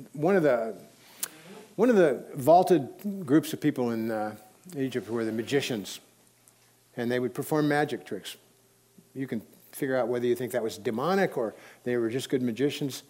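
A man preaching a sermon in a relaxed storytelling way, with sudden emphatic rises. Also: mid-range voice.

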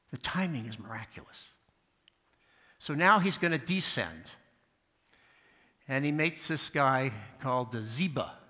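A male pastor with a bright, forceful mid-range voice gives a sermon drenched in long hall reverb. He tells stories with asides, acting out the voices of the people in them.

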